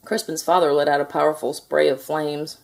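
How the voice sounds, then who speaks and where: A woman reading a children's picture book aloud in a gentle, expressive storytelling manner. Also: low-pitched, a little fast, gravelly. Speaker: storybook reader.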